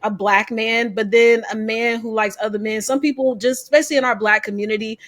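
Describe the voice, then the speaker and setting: A woman interviewing an author, talking in a passionate, expressive, chatty way. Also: on the high side, fairly quick. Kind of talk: casual interview chat.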